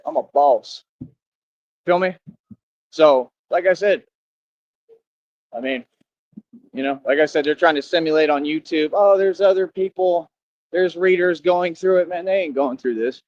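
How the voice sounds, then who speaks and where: A young man boasts and taunts his critics in a slang-heavy monologue to the camera. His voice sits a little high. The sound is dull and lo-fi. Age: young adult. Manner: boastful and confrontational, full of slang. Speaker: vlogger.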